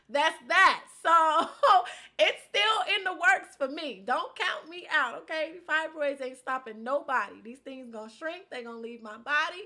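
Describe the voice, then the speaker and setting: Young woman vlogger, high and bright, animated casual storyteller with slangy outbursts. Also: normal speed. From Inglewood, California. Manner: animated and expressive, slangy, switches between loud outbursts and low asides. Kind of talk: casual life-update storytelling.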